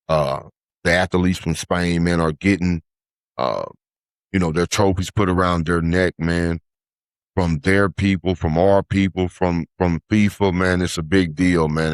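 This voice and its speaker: Male podcast host, low voice, loose chatty commentary, heavy "man" and "uh" filler, dry recording. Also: fairly even intonation, measured pace, smooth, dry recording. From United States. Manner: says "man" after nearly every phrase, many "uh" fillers. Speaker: podcast host, life coach.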